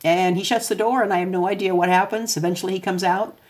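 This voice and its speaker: A woman's voice: mid-range voice, fairly even intonation, fast. A woman hosting a podcast, talking casually and chattily about parenting, an extrovert who often laughs. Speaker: podcast host.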